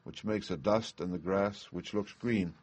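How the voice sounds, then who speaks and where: A man voicing a young sister reporting from a tower in a quiet, measured way. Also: low-pitched, husky, no room sound. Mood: calm.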